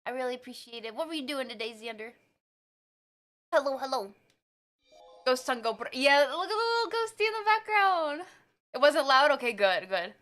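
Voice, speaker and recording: Lively high-voiced woman streamer. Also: normal speed, pauses often, soft background music. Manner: excitable, laughs often, talks while eating. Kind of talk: casual live-stream chat, reading viewer messages.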